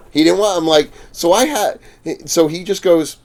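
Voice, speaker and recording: In a podcast studio, a guest who makes fangs tells stories casually, swearing freely and laughing as he acts out the other people involved. He speaks a little fast in an expressive, gravelly voice that sits on the high side.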